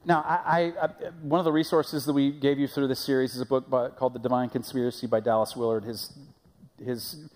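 This is a man preaching in a church sanctuary, his words trailing off into the long echo of the hall. He speaks in a conversational way, often putting questions to the congregation, at a fairly quick pace. His voice is medium-pitched, somewhat mellow, and fairly even in intonation.

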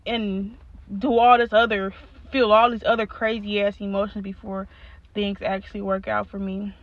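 A woman's voice: medium pitch, no room sound, highs cut off. A young woman hosting a solo podcast, venting in a blunt, profane, exasperated way, laughing now and then. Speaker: podcast host.

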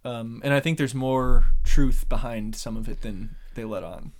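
A man in easy conversation, recapping reality TV with a laugh in his voice. His pitch sits mid-range, and he slips into raised, exaggerated voices when he quotes someone. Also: normal speed. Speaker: podcast co-host. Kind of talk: casual reality-TV recap chat.

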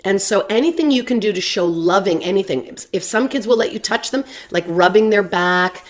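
A woman at a middle pitch talking in a parenting workshop. She is chatty, repeats her words and slips into gentle lines a parent might say to an upset child. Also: quick pace, hardly any pauses. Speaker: parenting counselor. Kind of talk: workshop talk.

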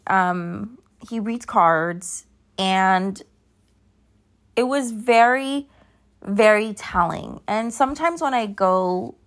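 Yawning her way through a casual solo episode, this podcast host in her thirties wanders off track as she talks. She has a mid-range, fairly bright voice.

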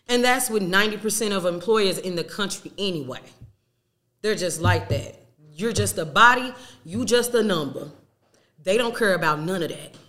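A woman's voice: lowish voice, sharp tone. A young woman talking candidly to her listeners in a casual, emphatic way, with slang and swearing. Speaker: podcast host.

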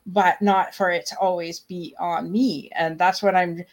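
Woman, lowish voice, hesitant, restarts a lot, casual conversation. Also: steady tone, unhurried. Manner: hesitant, restarts, laughs often. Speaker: guest.

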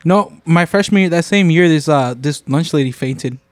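A man's voice: a little high, moderate pace, no echo, clean studio sound. A young man co-hosting a podcast, telling an embarrassing school story in slangy, self-mocking chat. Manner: slangy, self-mocking, says bro a lot. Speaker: podcast co-host.

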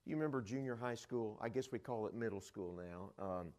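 Animated preacher acting out scripture. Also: male voice, fairly low pitch, fairly quick. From Dallas area, Texas. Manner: animated storytelling, acting out the disciples' voices. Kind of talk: sermon.

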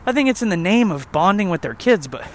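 Young guy ranting outdoors on a walk, swears a ton, kinda high voice, jokey and rambly. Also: very animated, fast talker, slight background noise. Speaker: vlogger. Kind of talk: casual rant while walking. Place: outdoor trail.

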